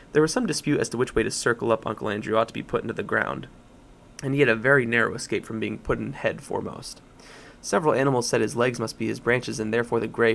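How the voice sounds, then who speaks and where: A man reading a children's storybook aloud in a measured, expressive way. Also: medium pitch, gravelly, a little hiss or hum. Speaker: audiobook narrator. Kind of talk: storybook narration.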